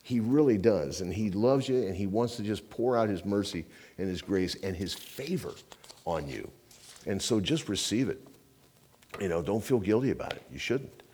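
A man preaching a sermon as pastor, in a loose, conversational way, often tossing in "man" and "you know," swinging between loud emphasis and quiet, intense moments. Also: lowish voice, animated, normal speed, slight background noise.

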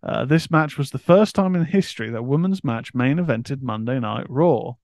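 A man's voice: medium pitch, moderate pace, no echo, clean studio sound. A man co-hosting a wrestling podcast, chatting easily and reading out a history segment. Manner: relaxed, reads history segment. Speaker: podcast co-host. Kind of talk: casual chat.

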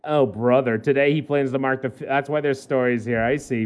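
A man's voice: medium pitch, fairly even intonation, a little fast, hardly any pauses. A man co-hosting a casual talk show, joking as he reads an odd news story aloud and trips over words. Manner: joking, stumbles over words while reading. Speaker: podcast co-host.

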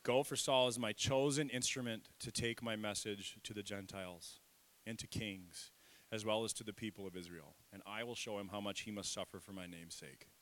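Lively low-voiced male pastor preaching. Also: normal speed. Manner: lively, self-deprecating, leads congregation call-and-response. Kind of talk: sermon. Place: church sanctuary.

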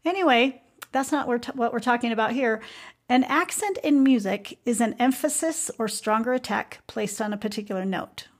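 A woman's voice: on the high side, normal speed. Earnest woman musing on a podcast. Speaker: podcast host. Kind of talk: reflective music podcast talk.

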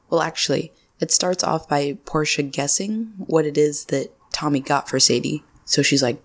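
Low, gravelly-voiced woman chatting. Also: fairly even intonation, normal speed, hardly any pauses. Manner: chatty, laughs often, quotes characters in playful voices. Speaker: podcast host. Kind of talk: casual solo recap chat.

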